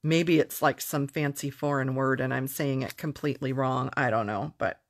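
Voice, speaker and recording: A middle-aged woman chatting casually as she demonstrates a papercraft project, self-deprecating and quick to laugh. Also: very deep voice, steady tone. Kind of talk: casual craft tutorial.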